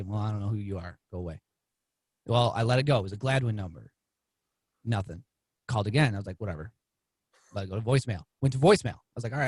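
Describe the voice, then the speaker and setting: Husky-voiced man telling a story. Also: no echo. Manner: animated, acts out quoted lines with rising pitch. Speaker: podcast guest, TV weatherman. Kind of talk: casual storytelling.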